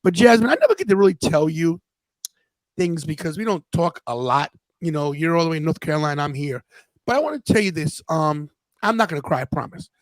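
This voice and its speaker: A man's voice: a little high, sing-song, fairly quick, no echo, poor audio. A man in his fifties hosting a podcast, telling a personal story in an earnest, casual way and often restarting his sentences. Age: 50s. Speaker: podcast host.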